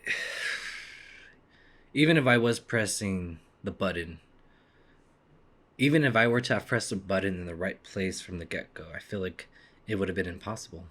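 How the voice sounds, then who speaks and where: A young let's-play gamer comments casually as he plays, his low-sitting voice moving at normal speed with frequent pauses. He swings between frantic yelling and quiet muttering, and reads the game's lines aloud.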